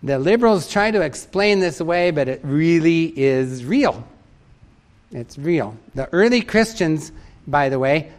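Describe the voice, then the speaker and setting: A man preaching a sermon in an emphatic way, repeating key phrases for stress and reading out a story. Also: fairly high pitch.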